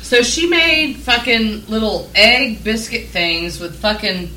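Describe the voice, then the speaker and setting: A woman's voice: on the high side, slow pace, pushed and bright, reverberant, a little hiss or hum, poor audio. A woman making blunt, profane remarks in casual chat.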